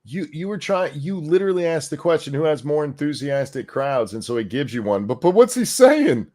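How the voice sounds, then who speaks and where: A man hosting a casual political chat, animated and sarcastic. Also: on the high side, fairly quick. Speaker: host.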